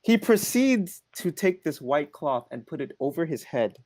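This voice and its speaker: A man's voice: fairly high pitch, normal speed, no room sound, studio quality. A young man co-hosting a podcast, telling a family story in casual chat and acting out what everyone said, with lots of restarts. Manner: animated, acts out family quotes, frequent restarts. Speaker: podcast co-host.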